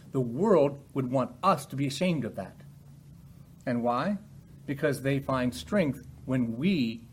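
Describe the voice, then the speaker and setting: An older man delivers Bible teaching in a sermon style. His voice is husky, and his delivery is earnest, shifting between calm explanation and loud, pressing emphasis. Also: mid-range voice.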